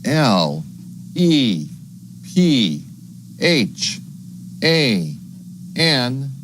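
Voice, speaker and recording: A man teaching young children animal names, spelling each word slowly letter by letter and making animal sounds. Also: mid-range voice, sing-song, fairly bright tone, slight background noise.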